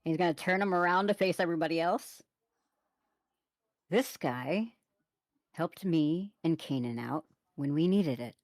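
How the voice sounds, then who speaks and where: A woman's voice: sits low, a little slow, pauses often, no echo. A woman playing a tabletop game, speaking in a dry, understated way. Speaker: player. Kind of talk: tabletop role-play.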